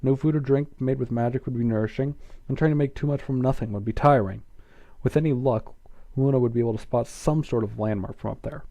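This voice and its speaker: Man reading fan fiction aloud, mellow voice, dry close sound, casual asides. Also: medium pitch, brisk, no room sound, muffled recording. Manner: casual, self-deprecating, stumbles over words.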